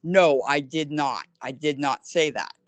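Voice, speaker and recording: Woman animatedly retelling dialogue over video call. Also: low voice. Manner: speeds up in rushed bursts. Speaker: caller recounting her experience. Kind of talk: casual video call conversation.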